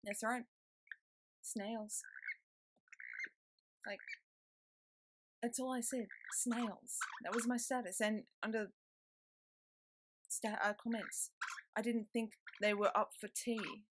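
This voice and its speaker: A woman's voice: on the high side, level tone, slow pace, pauses often. A young woman, chatting to camera in a rambling vlog, recorded indoors on a laptop webcam mic with a noisy pet bird nearby. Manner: rambling, chatty, with frequent ums and self-talk. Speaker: vlogger. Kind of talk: casual chat to camera. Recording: loud background noise from laptop webcam.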